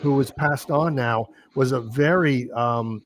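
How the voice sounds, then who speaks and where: A man hosting a paranormal interview show, chatting eagerly with his guest and talking in quick bursts with restarts. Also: mid-range voice. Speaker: host. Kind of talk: casual interview chat.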